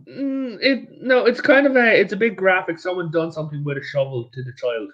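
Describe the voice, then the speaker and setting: An Irish man with a fairly high voice tells history stories as a guest, animated and rambling, often backing up to restart a sentence. His audio is dull and lo-fi, like an online call. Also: fairly quick. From Ireland. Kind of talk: casual history chat.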